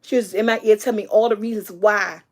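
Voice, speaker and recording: A woman's voice: medium pitch, fairly even intonation, fast talker. A middle-aged woman vlogger, giving an emphatic, preachy motivational talk and repeating her key lines.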